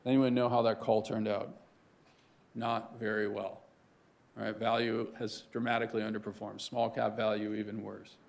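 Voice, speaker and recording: Man, gravelly voice, lecture to students, conversational, keeps asking right. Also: lowish voice, level tone, normal speed. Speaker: guest speaker.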